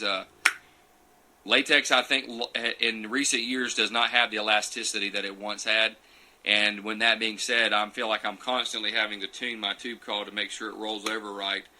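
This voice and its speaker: On a rough phone recording with a little hiss or hum, a champion turkey caller holds a loose live Q&A and demonstration for viewers. His voice is on the low side, pushed and bright, with little pitch movement at a normal speed, and he chats digressively while reading out comments.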